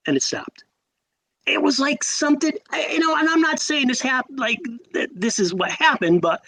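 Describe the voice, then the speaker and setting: A man in his sixties with a high-pitched voice tells stories as a podcast guest. He is animated, with sudden jumps in pitch, emphatic repeats and a storyteller's pauses. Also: low-quality recording. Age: 60s.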